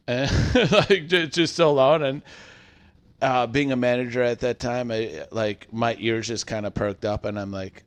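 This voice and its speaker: A man's voice: medium pitch, lively intonation, a little slow. A man in his thirties casually telling a customer service story on a podcast, acting out the quotes.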